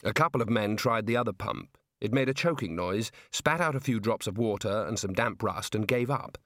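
Dry, measured male storyteller. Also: fairly low pitch, animated, fairly bright tone, no room sound. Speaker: audiobook narrator. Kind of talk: scripted narration.

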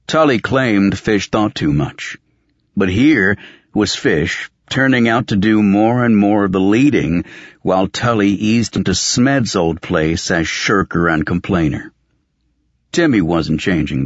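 A man reading fiction aloud as an audiobook narrator, in a steady, measured storytelling manner. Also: sits low, no echo, dull audio.

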